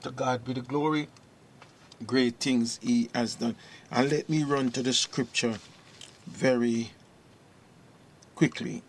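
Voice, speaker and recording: Guy preaching a sermon, slow and deliberate, reads scripture, middle pitch. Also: vocal fry. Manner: slow, deliberate preaching, rising in emphasis on key verses.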